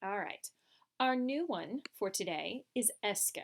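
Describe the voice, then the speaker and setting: A woman's voice: mid-range voice, lively intonation, takes it slowly. A woman teaching a French lesson, explaining patiently step by step over slides. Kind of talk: recorded classroom lesson.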